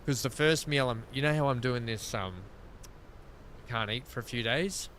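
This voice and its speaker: A man's voice: mid-range voice, moderate pace, fairly bright tone, a little hiss or hum. An Australian man streaming a game, rambling through casual stories and laughing often. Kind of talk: casual chat while gaming.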